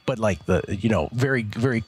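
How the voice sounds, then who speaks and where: A man's voice: fairly low pitch, expressive, fairly quick, slightly rough. A man hosting a sports betting radio show, bantering and teasing in an easygoing way. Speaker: radio host. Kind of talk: casual chat.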